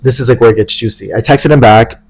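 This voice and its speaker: A young man tells a story on his podcast at a rapid clip. He is animated and profane, and he acts out the people he quotes. His voice sits at a middling pitch for a man. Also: breathy edge, low-quality recording. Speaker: podcast co-host. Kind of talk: casual storytelling chat.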